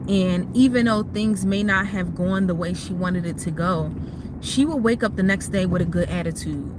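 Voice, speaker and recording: A woman's voice: on the low side, moderate pace, noisy background. A woman talking casually to her livestream viewers from a parked car, giving motherhood advice in an emotional, chatty way. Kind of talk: casual live chat. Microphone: phone.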